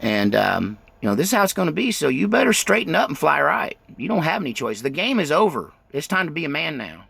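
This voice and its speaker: A man voicing his stern, harsh ex-Marine preacher father, giving clipped, commanding threats in a gravelly voice. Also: on the high side, sing-song, fairly quick, a bit bright, no room sound, voice pushed up, heavily acted. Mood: threatening.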